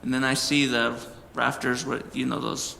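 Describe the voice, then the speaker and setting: A man preaching a sermon as a personal story, earnest and animated, with emphatic peaks. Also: mid-range voice, moderate pace, vocal fry, in a large hall, a little hiss or hum. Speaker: pastor.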